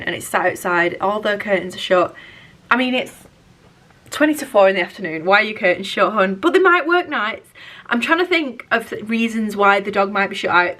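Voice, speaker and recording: A woman's voice: mid-range voice, pushed and bright. A young woman, chatting casually to camera in her bedroom, rambling and self-deprecating. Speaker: vlogger. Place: bedroom at home.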